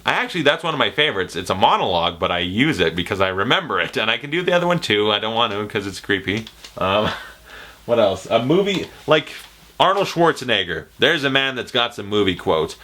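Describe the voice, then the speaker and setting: Lively young man chatting to camera. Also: on the low side, normal speed. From Canada. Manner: animated, jokey, slips into movie-quote impressions. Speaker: YouTuber answering viewer questions. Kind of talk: casual Q&A vlog.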